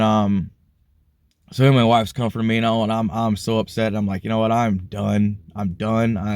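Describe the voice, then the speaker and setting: A man from Alabama, rambling earnestly through a personal faith testimony, married with a family. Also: mid-range voice. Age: adult, married with kids. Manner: rambling, earnest, heavy on "you know". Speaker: vlogger sharing a faith testimony. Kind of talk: casual spoken testimony.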